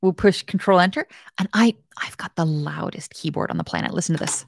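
Hosting a casual live-stream coding tutorial for a web development bootcamp, this woman speaks in a lowish, husky voice with vocal fry and a brisk pace. She's chatty, playful and self-mocking, addressing viewers in the chat directly, and the studio-quality audio has no echo.

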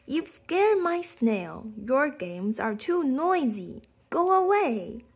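A woman voicing a young male animal from a picture book, gentle but easily bothered. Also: a little high, lively intonation, takes it slowly, slightly rough, heavily acted. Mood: scolding.

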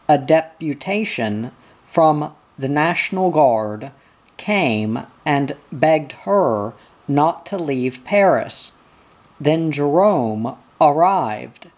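An audiobook reader reading a history book aloud in a slow, measured, even way. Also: mid-range voice.

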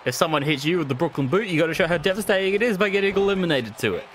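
Young guy streaming a wrestling game, jokey and swears a lot, pitch jumps all over, bit of faint hiss. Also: rapid-fire. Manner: jokey, swears a lot, laughs often, excitable. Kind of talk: casual live-stream commentary.

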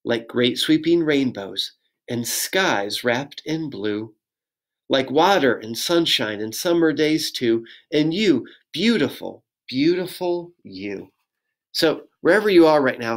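Slow, lively pastor reading a picture book. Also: male voice, mid-range voice. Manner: gentle, sing-song reading with audience prompts. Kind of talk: children's picture book read-aloud.

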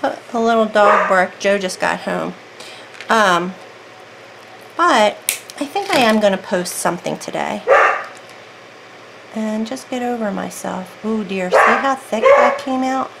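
A woman's voice: medium pitch, lively intonation, measured pace, gravelly, long pauses, heavy background noise. A woman casually talking through a craft project in real time, thinking aloud as she works at her desk. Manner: chatty, self-talking while working, thinks aloud. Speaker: craft video creator.

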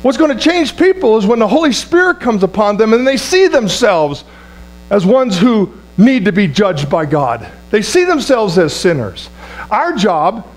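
A man with a notably high voice preaches to his congregation, leaning hard on repeated words and asking for an amen. He stumbles and restarts phrases as he goes. A low electrical hum sits under the recording. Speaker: pastor. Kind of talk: sermon.

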